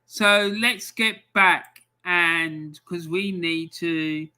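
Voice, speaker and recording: A man's voice: a little high, drawn-out words, bright, forceful tone, smooth. An Englishman hosting a live football score stream, chatting casually and reading out fixtures with frequent ums.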